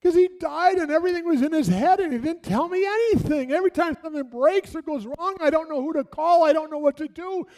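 A man voicing a frustrated widowed woman in a high, strained, complaining voice. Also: fast talker, few pauses, darkish tone. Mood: exasperated.

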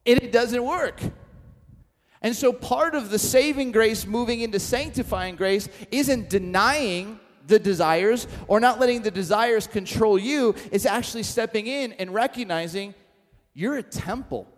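High-voiced pastor in an echoing hall. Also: male voice, measured pace. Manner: animated storyteller acting out dialogue, self-deprecating humor. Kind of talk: sermon with storytelling.

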